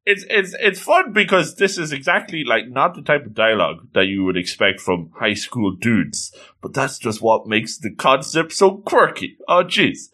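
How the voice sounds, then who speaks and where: A man's voice: mid-range voice, sing-song, moderate pace, few pauses, sharp tone. A man recapping an anime episode in a playful, exclamatory casual commentary.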